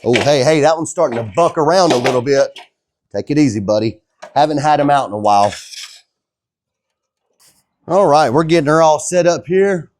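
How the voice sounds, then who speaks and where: A man with a fairly high, expressive, somewhat dark voice talks at a normal pace with long pauses. He's a DIY truck builder working on a truck in his home garage, joking casually with viewers like they're his buddies in a relaxed how-to vlog.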